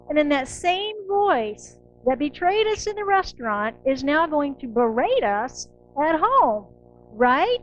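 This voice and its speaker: A middle-aged woman minister giving a conversational, animated sermon, acting out inner voices. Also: high voice, moderate pace, dull audio, a little hiss or hum. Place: church sanctuary.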